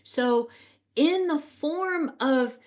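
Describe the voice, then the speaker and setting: A woman telling a spiritual story in a casual, chatty way, animated and laughing often, with lots of "like"s. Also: high voice, drawn-out words.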